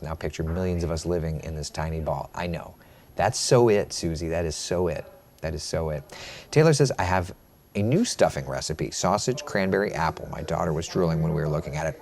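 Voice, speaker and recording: A man's voice: low-pitched, slight background noise. Chatty man hosting a weather chat. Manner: chatty, repeats phrases, reads viewer comments aloud. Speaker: TV meteorologist hosting a live stream. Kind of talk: casual live-stream chat and weather forecast.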